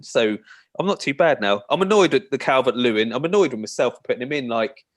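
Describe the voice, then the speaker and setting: A man's voice: mid-range voice, fast talker. A man co-hosting a casual podcast, talking in a wry, grumbling way. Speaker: podcast co-host.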